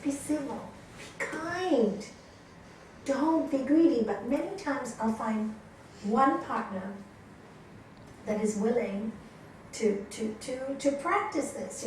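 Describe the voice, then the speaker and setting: A woman yoga teacher giving a training lecture, telling stories and asking her class questions. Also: a little high. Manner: lively storytelling, asks the class questions. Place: yoga course room with students. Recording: echoey room, voice from a distance, faint noise.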